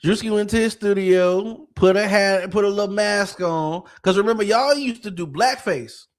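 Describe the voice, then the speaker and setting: A man with a notably high voice holds forth on a casual podcast. He talks with animated, profane energy. He keeps firing off rhetorical questions at his listeners. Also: normal speed. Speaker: podcast co-host. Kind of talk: casual political commentary.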